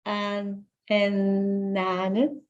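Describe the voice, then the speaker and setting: A woman's voice: mid-range voice, completely flat delivery, drawn-out words, darkish tone, muffled recording. A woman co-hosting a language show, chatting casually with brief, agreeable replies. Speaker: co-host. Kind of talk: casual conversation.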